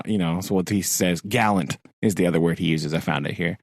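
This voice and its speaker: A man's voice: low voice, fast, vocal fry, few pauses, no room sound, low-quality recording. Man chatting animatedly about a book. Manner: animated, laughs often, quotes characters. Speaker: podcast co-host. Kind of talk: casual book discussion.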